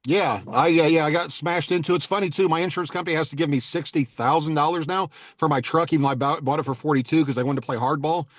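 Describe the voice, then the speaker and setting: Podcast co-host, male, rapid deadpan storyteller, dull dry sound. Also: fairly high pitch, no room sound. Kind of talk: casual podcast chat.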